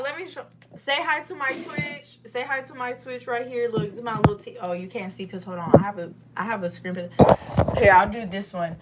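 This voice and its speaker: Loud swearing young woman streamer. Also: a little high, moderate pace, a little hiss or hum. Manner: loud, swearing, animated rambling. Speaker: livestreamer. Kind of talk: casual live stream chat. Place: home kitchen.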